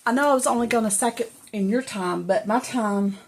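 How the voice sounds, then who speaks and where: This crafting vlogger, a middle-aged woman, speaks briskly in a fairly high, slightly mellow voice, with slight background noise. Out of breath, she rambles and chats, half to viewers, half to herself, while crafting in her indoor home craft room.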